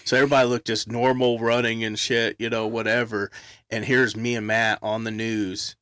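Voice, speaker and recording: A man telling a long story in casual chat, loud and animated, belting out quoted songs. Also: medium pitch, moderate pace, smooth, no echo, studio quality.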